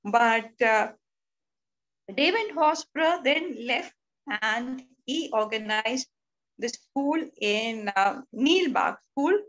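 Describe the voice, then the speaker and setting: Woman, Indian English accent, high voice, lecture talk, fillers and restarts, dull lo-fi audio. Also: animated, slow, a bit bright. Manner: thoughtful, with many fillers and restarts. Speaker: speaker at a study circle talk.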